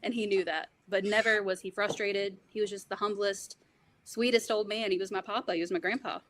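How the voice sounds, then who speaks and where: A woman speaking briskly as a podcast guest. She tells stories with energy and slips into other people's voices. Her pitch sits in the middle range. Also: slight background noise. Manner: fast, animated storytelling, quotes others' voices. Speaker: guest, wrestler's granddaughter. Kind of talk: podcast interview, personal stories.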